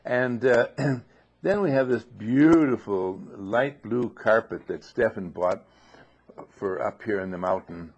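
A man giving an informal spoken teaching in a monastery dining room, often clearing his throat and asking rhetorical questions. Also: fairly low pitch, takes it slowly. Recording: dull lo-fi recording.

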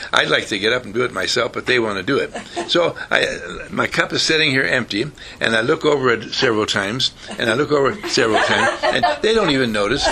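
An older man telling folksy stories in a motivational talk, his gravelly voice rising and falling as he acts out the people in them. His tone is bright and forceful, with a faint rumble of noise behind him. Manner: animated storyteller who acts out quoted voices. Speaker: speaker giving a talk.

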